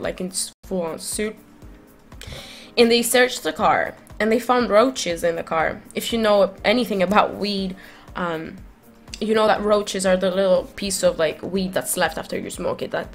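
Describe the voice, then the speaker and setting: A woman's voice: mid-range voice, creaky. Rambling woman streamer telling a story. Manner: rambling, restarts often with frequent "like". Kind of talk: casual storytelling to a live stream.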